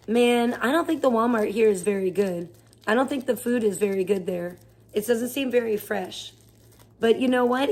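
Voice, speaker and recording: A woman live streamer chatting casually, rambling and swearing as she rants in exasperation. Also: on the high side. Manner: rambling, profane, exasperated ranting. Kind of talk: casual chat.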